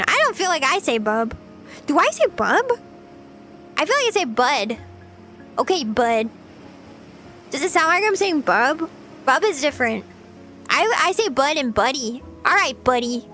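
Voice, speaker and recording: A woman's voice: sits high, bright, forceful tone. A young woman streaming casual chat, playful and chatty, often giggling as she reads her chat. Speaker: VTuber streamer.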